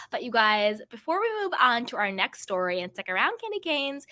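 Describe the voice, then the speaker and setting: A woman's voice: on the high side, sing-song, moderate pace, bright, forceful tone. A young adult woman hosting casual reality TV gossip commentary, chatty and emphatic, often repeating phrases for emphasis. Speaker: pop culture commentator.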